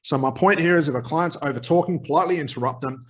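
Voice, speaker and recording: A man teaching hypnotherapy technique straight to camera, energetic and emphatic, with quick asides. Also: fairly high pitch. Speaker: hypnotherapy trainer. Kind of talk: direct-to-camera teaching talk.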